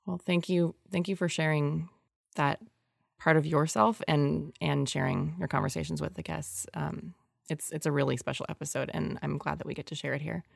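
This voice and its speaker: A woman's voice: low voice, steady tone, moderate pace, creaky, dry recording, clean studio sound. A woman hosting a podcast, speaking in a thoughtful, appreciative conversational way. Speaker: podcast host.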